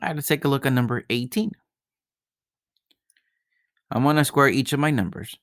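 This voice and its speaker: Working geometry problems stepwise in a recorded math lesson, this male teacher repeats himself often and keeps checking in with "right?". He speaks at normal speed in a medium-pitched, fairly bright voice, with studio-quality sound and no echo.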